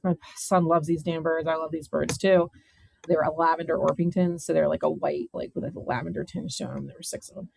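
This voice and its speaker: A woman in her thirties from Maryland, a podcast guest telling a story in a blunt, animated way and swearing freely. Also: low-pitched, brisk, creaky, breathy edge, low-quality recording. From Maryland, USA. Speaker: podcast guest, vineyard owner. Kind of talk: casual chat, storytelling.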